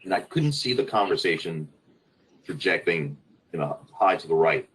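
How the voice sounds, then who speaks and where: A man who leads in the fire service, speaking on a webinar panel in a halting way, stopping often to search for words. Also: deep voice, expressive, fairly bright tone, slight background noise, low-quality recording.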